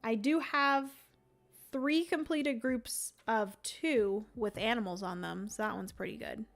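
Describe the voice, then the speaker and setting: A young woman talks through her moves unhurriedly, a little high in her voice, musing aloud as she plays. She chats casually with her viewers between turns. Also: unhurried. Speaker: livestream host playing a solo board game. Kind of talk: casual livestream chat.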